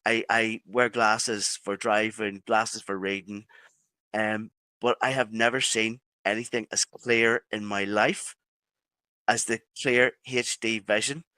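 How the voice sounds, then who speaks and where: A man with an Irish accent, a podcast guest telling a personal story in halting phrases with many restarts. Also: on the low side, steady tone, sharp tone, smooth, dry recording. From Ireland.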